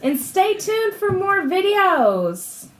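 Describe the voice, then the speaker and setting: A woman co-hosting a casual snack taste-test vlog with her sister, giving thoughtful, unhurried commentary. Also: very high voice, sing-song, echoey room, slight background noise. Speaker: vlog co-host.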